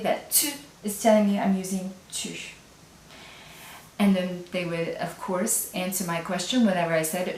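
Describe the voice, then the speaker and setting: A woman's voice: medium pitch, a little mellow, far from the mic, a little hiss or hum. Woman teaching, echoey and off-mic. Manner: explains step by step, repeats example phrases slowly. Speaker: French teacher. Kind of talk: classroom language lesson. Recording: echoey room, voice away from mic.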